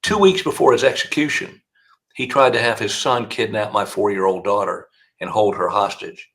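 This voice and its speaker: An older Southern man with a low, gravelly voice, spinning courtroom stories at length. He keeps a steady storyteller's drive and jumps his pitch up when he quotes people. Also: normal speed. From South Carolina. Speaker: defense attorney, guest. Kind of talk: storytelling interview answers.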